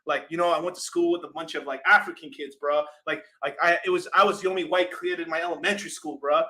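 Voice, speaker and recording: A man quoting a brash, slangy friend in a slower, mocking drawl. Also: on the high side, fairly even intonation, pushed and bright.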